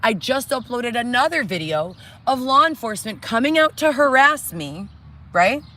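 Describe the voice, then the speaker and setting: A woman's voice: a little high, lively intonation, moderate pace, bright, forceful tone. A middle-aged woman on a reality show, delivering an agitated, profane, distraught monologue to the camera from inside a tent. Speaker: reality show cast member.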